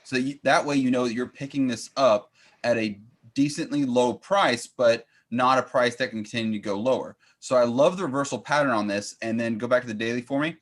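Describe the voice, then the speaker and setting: A man coaching trades, calmly walking through a chart step by step in casual chat. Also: mid-range voice, a little fast. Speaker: trading coach.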